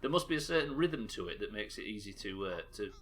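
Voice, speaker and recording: British male streamer, low-pitched and bright, loose chatty delivery, keeps interrupting himself. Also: lively intonation, fast talker, a little hiss or hum. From United Kingdom. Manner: chatty, reads chat aloud, self-interrupting. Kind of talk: casual live-stream chat while gaming.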